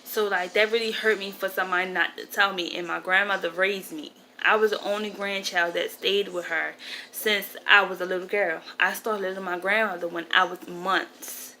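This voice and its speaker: Upset woman in her 20s vlogging, bright voice, rambly and emotional, a bit of faint noise behind. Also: mid-range voice, fairly even intonation, moderate pace, poor audio. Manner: rambling, emotional, self-correcting. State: upset, grieving. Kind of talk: casual storytelling to camera.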